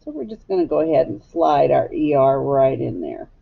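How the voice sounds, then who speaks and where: A woman teacher giving a phonics lesson to young children, sounding out syllables slowly and patiently. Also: rumbling low, sing-song, gravelly, breathy edge, narrow, tinny audio.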